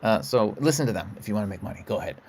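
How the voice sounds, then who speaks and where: A man's voice: fairly low pitch, lively intonation, very fast, vocal fry, slightly rough. A middle-aged man hosting a livestream, giving a rambling spiritual talk in a loose, profane, emphatic way. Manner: loose, profane and emphatic, frequent "you know what I'm saying".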